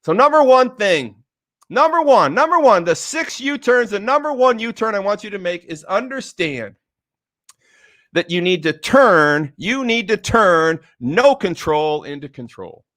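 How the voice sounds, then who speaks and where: A middle-aged man giving a motivational talk, excitable and emotional, repeating phrases for emphasis and swinging from quiet, low stresses to loud, excited bursts. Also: measured pace, no room sound, studio quality. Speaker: motivational speaker.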